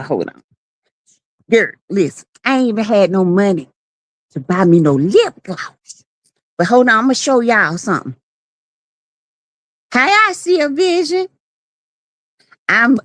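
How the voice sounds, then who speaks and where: A woman's voice: mid-range voice, a bit bright, no echo. A woman in casual live-stream chat, sassy and playful, teasing and greeting viewers by name.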